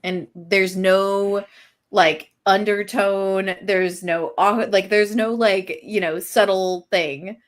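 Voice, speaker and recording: A woman's voice: mid-range voice, steady tone, slow pace. A woman describing her character in a tabletop role-playing stream, loose and full of fillers. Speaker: player.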